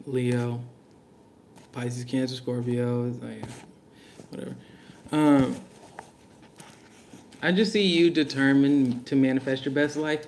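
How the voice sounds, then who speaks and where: A man's voice: medium pitch, darkish tone, slight background noise. A man giving a casual spoken reading to camera, loose and slangy, musing aloud with fillers. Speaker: tarot reader.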